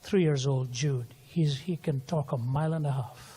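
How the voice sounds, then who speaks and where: Older man preaching in a husky voice. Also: medium pitch, moderate pace. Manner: swells loudly for quoted lines, drops soft for tender moments. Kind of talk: sermon storytelling.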